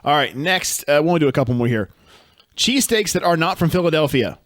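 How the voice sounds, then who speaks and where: Man, podcast co-host, playful banter, animated pitch, dry close mic. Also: fairly quick, no echo. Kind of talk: casual chat.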